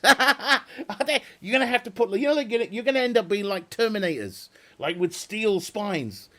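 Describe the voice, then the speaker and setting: A man rambles through casual live-stream chat, swearing freely and laughing often. His voice sits fairly high and sounds sharp and bright. He talks with viewers as he streams. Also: expressive, moderate pace.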